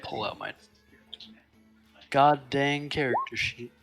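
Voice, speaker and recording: Laid-back male player, bright edge, jokey, faint music. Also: mid-range voice, slow. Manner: laid-back, joking, swears casually. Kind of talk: casual tabletop game chat.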